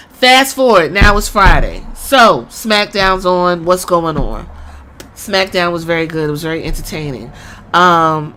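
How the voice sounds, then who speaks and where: A woman hosting a podcast, retelling wrestling events in an animated, profane, storytelling way. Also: on the low side. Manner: animated storytelling with acted-out quotes and cursing. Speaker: podcast host. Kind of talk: casual wrestling recap.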